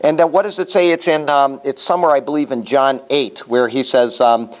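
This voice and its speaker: A man's voice: medium pitch, fairly even intonation, a little fast. A man leading a Bible study class in a conversational way, asking the class questions as he teaches. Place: room with a small class.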